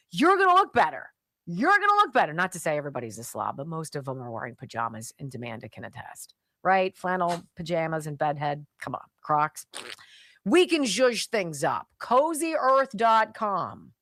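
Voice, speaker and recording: A woman's voice: lowish voice, a bit bright, no room sound, clean studio sound. A woman radio talk show host reading sponsor ads live in a chatty, emphatic, jokey way.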